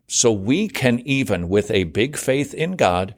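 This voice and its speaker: A middle-aged man, a guest author on a ministry interview, explaining his points in a lively conversational way and breaking into mocking high-pitched voices. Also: normal speed, hardly any pauses. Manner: animated, acts out worried voices with sudden high pitch jumps.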